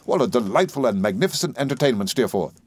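A man's voice: medium pitch, very animated, fast, husky, no room sound. A man reading an audiobook, voicing an earnest, effusive young man. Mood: eager. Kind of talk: audiobook character voice.

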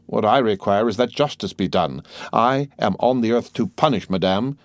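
A man's voice: fairly low pitch, no echo, lightly acted. A man voicing a stern, merciless magistrate. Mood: severe. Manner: measured, severe, commanding. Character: stern, unforgiving male magistrate, cold and severe. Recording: dry close audiobook recording.

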